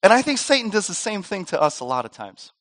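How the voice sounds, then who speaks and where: A pastor giving a sermon, his voice pitched high for a man. He speaks with a lively, swinging delivery and slips into playful voices when he tells a story. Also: fast. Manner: animated storytelling, acts out voices in a joke.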